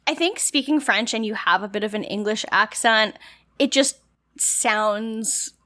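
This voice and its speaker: A woman's voice: fairly high pitch, a little slow, sharp tone. A young woman from Canada co-hosting a podcast, recapping a TV episode in casual, blunt chat and laughing often. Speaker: podcast co-host.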